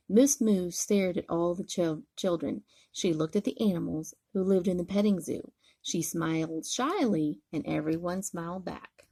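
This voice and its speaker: An older woman, a grandmother, gently reading a bedtime story aloud in a soothing way. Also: on the low side, a little slow, creaky, husky.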